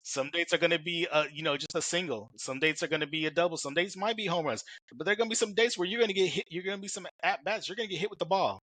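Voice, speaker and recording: Fast, bright-voiced man hosting a podcast. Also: a little high, no echo, rough recording. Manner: rambling, many fillers and restarts. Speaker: podcast host. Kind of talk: casual interview chat.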